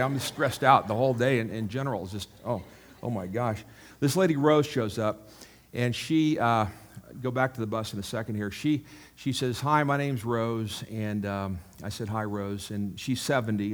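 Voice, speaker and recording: Male pastor, lowish voice, preaching casually with jokes and asides to the room. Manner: chatty and self-mocking, with asides to the congregation. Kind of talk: sermon. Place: church.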